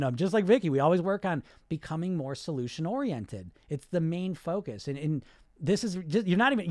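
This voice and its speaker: A man's voice: a little high, darkish tone, no room sound, clean studio sound. A man coaching on weight loss in a live podcast monologue, blunt and profane, acting out the inner voices he talks about.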